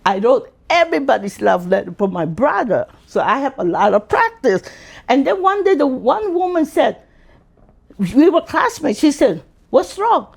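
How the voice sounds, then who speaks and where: A man, telling his life story as an interview guest in an animated way. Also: normal speed, gravelly, breathy edge. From Philippines. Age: 60s. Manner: animated, acts out quotes in high voices.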